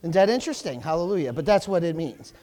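A male pastor preaching a sermon, asking for amens and swelling to loud, fervent cries. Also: a little high, sing-song, quick pace. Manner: preaching with call-outs for amens, rising to loud fervent crying out.

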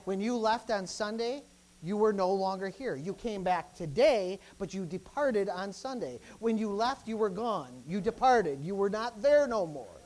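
Speaking at a normal speed on a rough recording, a male pastor preaches with emphasis and plenty of repetition. He often throws in interjections between points, and his animated manner alternates between booming bursts and hushed asides.

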